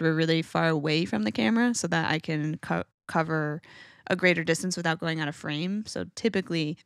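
A woman's voice: lowish voice, no room sound, clean studio sound. A woman dog-training coach hosting her podcast, talking in a casual, candid way with the odd swear word.

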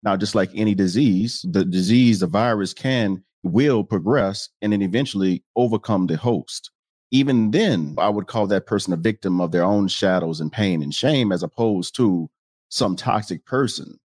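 Male host, lowish voice, reflective, dry close recording. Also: normal speed, darkish tone, no echo. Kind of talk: casual chat.

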